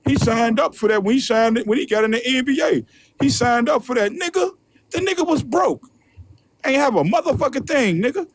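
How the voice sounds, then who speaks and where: A man's voice: very high voice, a little hiss or hum. A man hosting a show, delivering a heated, profane rant full of repetition. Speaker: host. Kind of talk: profane ranting commentary.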